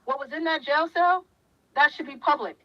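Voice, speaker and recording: A woman commentator with a high voice speaks at normal speed, addressing her viewers in a fiery, preachy way and firing off question after question. The audio is muffled and lo-fi.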